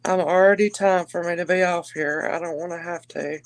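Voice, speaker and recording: A woman's voice: fairly low pitch, steady tone, moderate pace, dry recording, low-quality recording. A woman hosting a live jewelry auction stream, chatty and gushing, calling her viewers darling and y'all. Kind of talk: casual live-stream selling chat.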